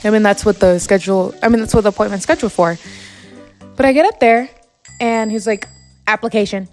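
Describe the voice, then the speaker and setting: A woman's voice: mid-range voice, brisk, darkish tone, faint music behind. A young woman vlogger telling a story in a long, exasperated, rambling rant full of fillers while she plays a game. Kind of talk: casual late-night gaming rant. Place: home, at night.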